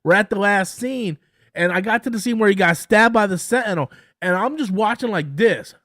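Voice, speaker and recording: High-voiced man rambling through a review. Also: fairly bright tone, no room sound, studio quality. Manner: halting, repeats words, enthusiastic. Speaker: show review host. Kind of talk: casual live-stream review.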